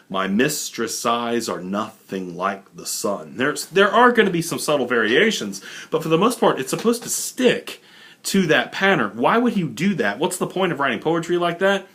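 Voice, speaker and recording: A young adult man teaches a recorded college literature lesson in a loose, informal way, full of fillers and asides. His voice is a little high and fairly bright, with big pitch swings, at a moderate pace.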